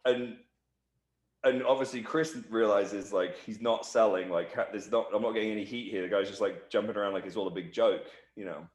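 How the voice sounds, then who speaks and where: A man giving a shoot interview, telling a backstage anecdote with lively, acted-out quotes. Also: fairly low pitch, fairly quick. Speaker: interview guest, wrestler. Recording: echoey room.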